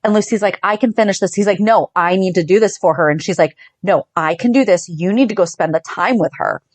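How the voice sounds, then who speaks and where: A woman in her thirties, a podcast co-host chatting about a soap opera, telling the story fast and acting out the lines. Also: mid-range voice, no echo. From Northeastern US. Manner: chatty storyteller, acting out quotes, laughing often. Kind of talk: casual chat recapping a soap opera.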